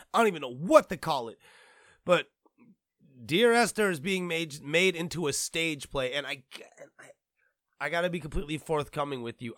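A man's voice: sits high, a bit bright, dry recording, studio quality. A man hosting a gaming commentary show, ranting casually and profanely with lots of restarts.

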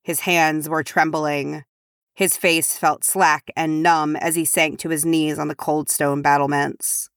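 A woman reading a fan audiobook chapter in a measured, even narration close to the mic. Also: sits low, clear, resonant tone, no room sound.

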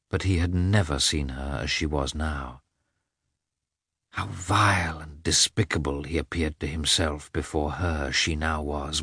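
A man narrating a classic novel aloud in a measured, expressive reading. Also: extremely low pitch, breathy edge, no room sound, clean studio sound. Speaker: audiobook narrator.

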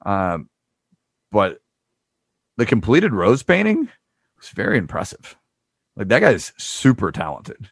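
A man co-hosting a podcast, chatting casually about a TV show, often pausing with ums and uhs. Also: lowish voice, huge pitch swings, gravelly, slightly rough, dry recording. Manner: halting, with frequent ums and uhs. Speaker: podcast co-host. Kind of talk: casual chat, recapping a TV show.

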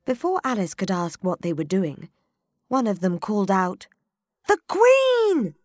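A woman narrating a children's storybook in an expressive, measured way. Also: on the low side, no echo.

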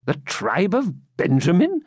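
A man's voice: wildly swooping pitch, slow pace, breathy edge, no room sound, studio quality, full character voice. A man voicing a scheming, angry medieval Norman noble who speaks sharply and impatiently. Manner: sharp and impatient, voice raised higher.

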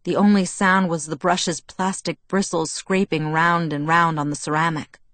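A woman narrating a novel in the first person, steady and measured. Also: lowish voice, no room sound. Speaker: audiobook narrator.

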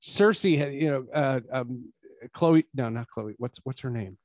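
A man hosting a podcast, chatting casually about a film and rising to emphatic, animated points. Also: medium pitch, measured pace, dry recording. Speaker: podcast host. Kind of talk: casual film review chat.

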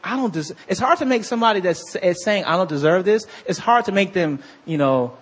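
Male pastor, preaching style, husky and high-pitched, animated delivery with slow scripture reading and call-and-response with the crowd. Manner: calls out to the congregation for responses. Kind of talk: sermon.

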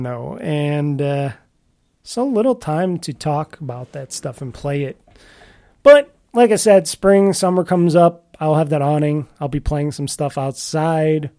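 A podcast host chats solo and casually about games in a mellow, medium-pitched voice. He rambles, restarts sentences often, and sounds offhand and mildly grumbly.

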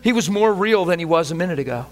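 A man preaching a sermon, telling a personal testimony in an animated way, often laughing as he speaks. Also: high-pitched, quick pace. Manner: animated, laughing testimony with sudden shifts between hushed and excited. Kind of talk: sermon storytelling.

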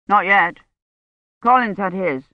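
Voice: mid-range voice, slow pace, no room sound, dull audio, natural voice. A reader voicing a tired, grey-haired woman doctor who speaks in clipped, worried phrases. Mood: weary.

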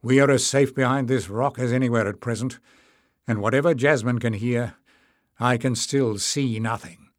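A man voicing a grim, stern warrior who speaks slowly and dryly. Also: medium pitch, fairly even intonation, no room sound, natural voice. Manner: grim, slow, dry.

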